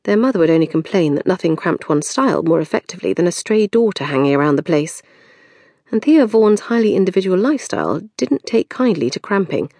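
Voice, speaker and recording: A woman's voice: on the low side, brisk, no echo. A woman narrating a novel as an audiobook reader, telling the story expressively in a recording studio. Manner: expressive storytelling, varied intonation.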